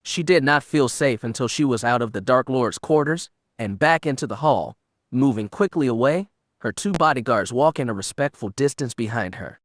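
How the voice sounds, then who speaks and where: A man narrating an unabridged audiobook in a steady, measured storytelling manner. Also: medium pitch, dry recording, studio quality.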